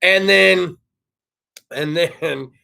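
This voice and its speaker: A man's voice: sits high, very slow, creaky, sharp tone. A man in his thirties from California hosting a casual talk show, rambling and profane. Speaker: host. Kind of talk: casual monologue. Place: studio.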